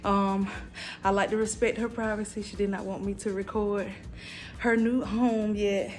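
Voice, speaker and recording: Laid-back, slangy mom vlogger. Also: female voice, mid-range voice, flat delivery, normal speed, darkish tone. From North Carolina, US. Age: adult mother. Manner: laid-back, slangy, talks straight to viewers. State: out of breath and tired. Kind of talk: casual chatty vlog.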